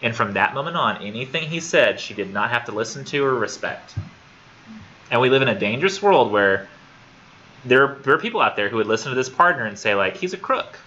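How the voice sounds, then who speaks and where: A man's voice: mid-range voice, animated, fairly quick, sharp tone. A man teaching a college literature class, talking casually and thinking aloud, often repeating words as he goes. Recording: dull lo-fi classroom recording with faint noise.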